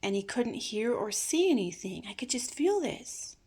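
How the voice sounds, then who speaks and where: An older woman telling a personal family story in a slow, reflective way, sometimes dropping to hushed asides. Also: a little high, big pitch swings, husky.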